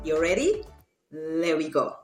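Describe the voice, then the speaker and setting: In a relaxed lesson, a language teacher from Guyana walks through her Creolese accent slowly, breaking into bright, high-pitched sample phrases. The room is echoey, with faint music in the background.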